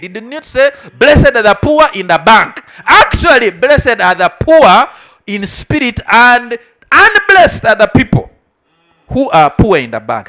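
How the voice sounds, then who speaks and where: A woman's voice: fairly low pitch, fairly bright tone. A woman giving a motivational speech to graduates, emphatic and teasing like a preacher. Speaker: mentor and motivational speaker.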